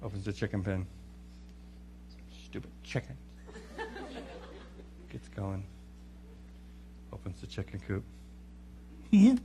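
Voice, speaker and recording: A middle-aged man telling a funny family story in an animated, chuckling way. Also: fairly low pitch, slow, pauses often, noisy background. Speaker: speaker. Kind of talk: humorous storytelling talk.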